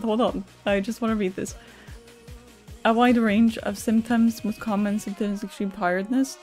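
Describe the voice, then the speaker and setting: A woman live-streaming, talking openly and emotionally with her chat at a middling pitch. She swears freely and reads viewer messages aloud. Faint music plays behind her. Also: fairly even intonation, moderate pace, a little mellow. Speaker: Twitch streamer.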